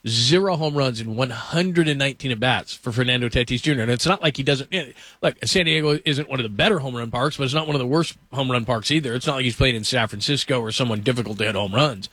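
A man's voice: mid-range voice, fast, hardly any pauses, a bit bright, dry recording. A man hosting a sports talk show, chatting casually and quizzing his co-host.

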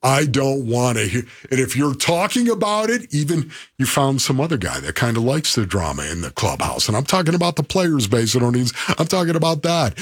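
A man's voice: mid-range voice, sing-song, a little fast, few pauses, husky, no echo, studio quality. A man co-hosting sports talk radio, emphatic and repetitive in a preacher-like way.

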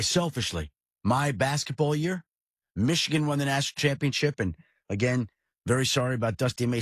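A middle-aged man from the New York area hosting a sports podcast, telling stories in an animated, emphatic way. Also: mid-range voice, dry recording, studio quality. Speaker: podcast host. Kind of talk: casual sports talk.

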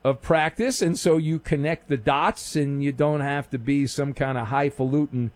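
A man's voice: on the high side, normal speed. A male radio talk show host, sarcastic and rambling with lots of fillers, taking calls in a studio. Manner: sarcastic, mock-stern, rambling with many fillers. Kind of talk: casual call-in radio talk. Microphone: studio mic.

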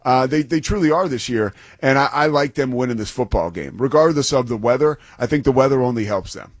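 Expressive and a little fast, a mid-range male voice delivers casual sports talk as a broadcaster and guest analyst. He discusses a football game with loose enthusiasm and occasional restarts, recorded cleanly in a studio with no echo.

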